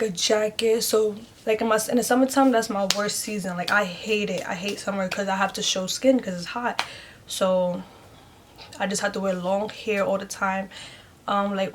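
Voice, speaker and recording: A woman's voice: mid-range voice, a little hiss or hum. Chatty woman telling a personal storytime. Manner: chatty, heavy use of "like", addresses viewers as "y'all"; emotional, speaks openly and earnestly. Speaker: vlogger telling her story. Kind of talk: casual storytime vlog.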